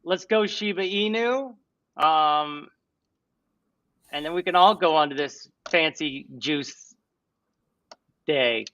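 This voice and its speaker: A man's voice: fairly high pitch, slow pace, long pauses, a bit bright, dry recording, recorded from a distance. A man hosting a casual livestream chat, playful and giggly, breaking into goofy little songs. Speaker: livestream host.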